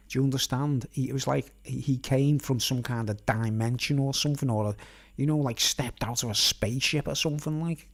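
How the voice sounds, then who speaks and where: A man's voice: medium pitch, darkish tone. A middle-aged man with a Merseyside accent telling a long rambling story, forever tagging on "right?" and "you know what I mean?". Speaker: vlogger. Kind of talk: rambling anecdotal monologue.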